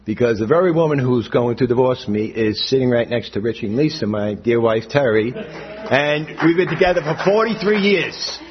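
At a church gathering, an older man tells his personal testimony at normal speed in a mid-range voice. He keeps things conversational, often checking in with "all right?", and the lo-fi recording sounds dull.

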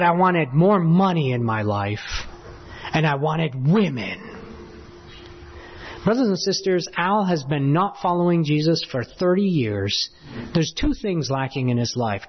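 A man preaching a sermon, telling a personal story in an animated way, his voice swinging between loud bursts and hushed asides. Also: sits high, in a large hall, slight background noise. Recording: dull lo-fi sound.

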